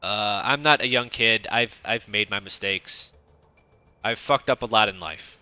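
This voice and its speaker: A man, a streamer casually coaching a viewer in a blunt, profane, rambling way with a fairly monotone delivery. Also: fairly low pitch, a little slow, clean tone, no echo. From United States (Detroit). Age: 30s. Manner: self-described monotone delivery.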